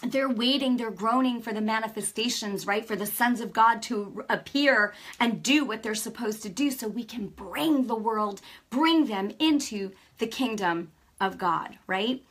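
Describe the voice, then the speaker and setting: A middle-aged woman giving a casual faith talk, telling stories with lively energy and often checking in with her listeners. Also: on the high side, unhurried. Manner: lively storytelling, acts out quoted dialogue; peppers speech with "right?" and "you know". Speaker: Christian speaker.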